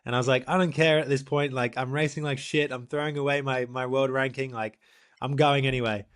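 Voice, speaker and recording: A young man, a professional triathlete, co-hosting a podcast and telling a story in a lively, animated way, acting out what people said. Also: mid-range voice, fairly quick, clean tone. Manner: animated storyteller, acts out quotes, laughs often. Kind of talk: casual storytelling chat.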